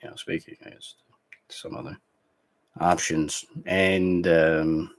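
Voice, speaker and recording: A man's voice: deep voice, little pitch movement, takes it slowly. A man hosting a vlog, reacting to clips in rambling casual commentary full of fillers and restarts.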